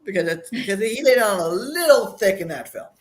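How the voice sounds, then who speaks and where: A man's voice: high-pitched, expressive, a little fast. Rambling man in his thirties. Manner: rambling, restarts sentences. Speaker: guest, campaign creator. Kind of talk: casual chat.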